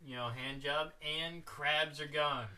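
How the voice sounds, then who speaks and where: Young male co-host, very bright tone, a bit off-mic with faint noise. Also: fairly high pitch, steady tone, measured pace, recorded from a distance. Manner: wry, reacts with disbelief. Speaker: podcast co-host. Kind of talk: crude casual chat.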